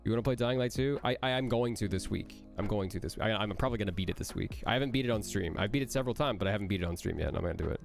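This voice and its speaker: A man, a voice actor, answering chat questions on a casual livestream in an energetic, rambling way that jumps between jokes and praise. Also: on the low side, very fast, vocal fry, few pauses, faint music behind.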